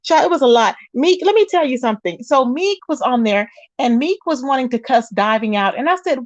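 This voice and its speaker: A woman's voice: high-pitched, animated, brisk, no echo. A woman hosting a casual livestream, chatting with viewers and calling them child and babe. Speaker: livestream host.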